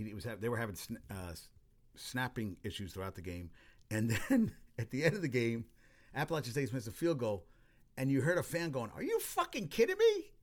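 A man giving casual, rambling sports talk, full of cursing, restarts and exclamations. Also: lowish voice.

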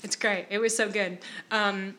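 A woman's voice: mid-range voice, fairly even intonation, a little slow, noisy background. A woman co-hosting a podcast, chatting casually about a TV episode, laughing often and playful. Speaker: podcast co-host. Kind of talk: casual chat recapping a TV episode.

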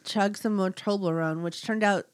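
Woman podcast co-host, casual rambling chat, mid-pitched everyday voice. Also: fairly even intonation, moderate pace. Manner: chatty, laughs easily, lots of "like".

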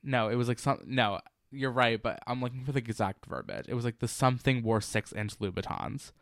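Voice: mid-range voice, expressive, brisk, creaky, dry recording, clean studio sound. A podcast co-host chatting casually, rambling and searching for the right words. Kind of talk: casual chat.

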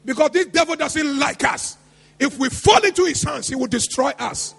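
Pastor man preaching loud, sing-song, gravelly, faint church music behind. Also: very high voice, moderate pace, in a large hall. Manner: fervent preaching, often shouting, sing-song cadence. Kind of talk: sermon.

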